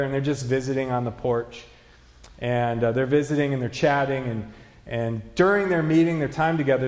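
A man's voice: mid-range voice, a little mellow. A man preaching a sermon as a pastor, earnest, building to emphatic questions. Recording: echoey hall, reverberant.

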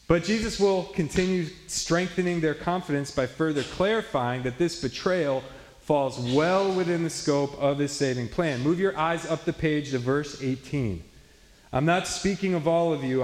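Earnest male pastor preaching in an echoey hall. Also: fairly high pitch. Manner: earnest, explanatory preaching with emphatic stresses. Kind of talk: expository sermon. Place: church sanctuary. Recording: echoey hall with long reverb.

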